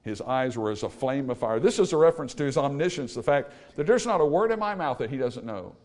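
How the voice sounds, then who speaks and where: A man preaching a sermon to a congregation, swinging from hushed, low passages to loud, emphatic ones and asking rhetorical questions. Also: expressive, fast talker.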